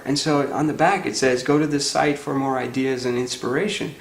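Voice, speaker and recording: Man, earnest storyteller, gravelly edges, roomy echo. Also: medium pitch, fairly even intonation, brisk. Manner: earnest, conversational, uses many fillers. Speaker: nonprofit founder. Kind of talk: storytelling talk.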